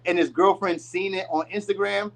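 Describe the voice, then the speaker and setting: The man's voice is high-pitched with vocal fry, his intonation fairly even and his speed normal, though the audio is poor. He rambles through a casual tarot reading to camera, adding many asides. At times he acts out the people he mentions in their own voices.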